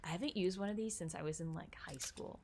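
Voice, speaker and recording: A woman's voice: fairly low pitch, fast talker, darkish tone, breathy edge. Chatty young woman streamer, jumpy. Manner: chatty, easily spooked, thinks aloud. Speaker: gaming streamer. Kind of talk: casual live-stream commentary.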